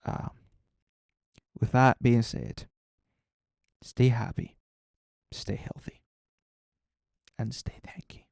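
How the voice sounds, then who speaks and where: Gravelly-voiced man chatting on a live stream. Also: medium pitch, slow pace, long pauses, darkish tone, no room sound, clean studio sound. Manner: rambling, reads and answers chat. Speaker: gaming streamer. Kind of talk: casual live-stream chat.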